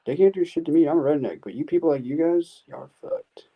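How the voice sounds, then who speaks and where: A man's voice: a little high, expressive, fast talker, husky, phone-quality sound. A man on a stream call, talking brashly and boastfully. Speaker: stream guest. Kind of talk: casual stream chat.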